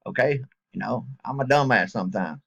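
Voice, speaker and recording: A man's voice: mid-range voice, brisk, creaky, a bit bright, dull audio. A middle-aged man, talking casually and joking around in a rambling, folksy way to his viewers. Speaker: vlogger. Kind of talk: casual direct-to-camera talk.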